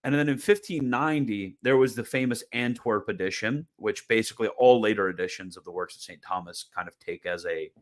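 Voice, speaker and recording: Man, lowish voice, casual video lecture, informal, repeats and restarts phrases, wry. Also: a little fast, few pauses. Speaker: host of a theology video channel.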